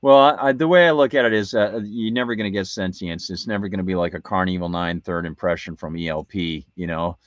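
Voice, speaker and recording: A man's voice: low voice, fast talker, few pauses, dry recording, dull audio. A man co-hosting a talk radio show, telling a rambling story with many restarts. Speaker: radio co-host. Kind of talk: casual anecdote on talk radio.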